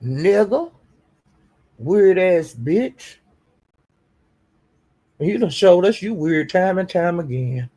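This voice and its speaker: A man ranting on a live stream, taunting someone with profane insults and slow, drawn-out jabs. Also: sits high, animated, warm tone. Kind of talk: heated live-stream rant.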